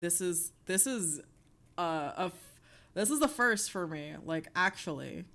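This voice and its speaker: An excitable young woman chats casually on a live stream. Her pitch swings widely while her delivery stays unhurried, and she peppers her talk with swearing. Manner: excitable, swearing, breaks into shrieks and laughter.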